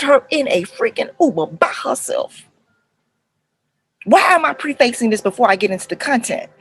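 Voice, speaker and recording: A middle-aged woman, a counselor telling stories to parents in a lively, conversational way and acting out the voices. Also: a little high, moderate pace, rough recording. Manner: animated retelling, acts out voices, addresses viewers as y'all. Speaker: counselor and life coach speaking to parents. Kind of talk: casual talk to camera, storytelling.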